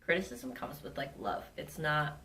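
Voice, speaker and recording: A woman co-hosting a casual podcast chat, relaxed, often finishing her partner's sentences. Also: low voice, moderate pace. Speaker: podcast co-host. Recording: distant mic with faint noise.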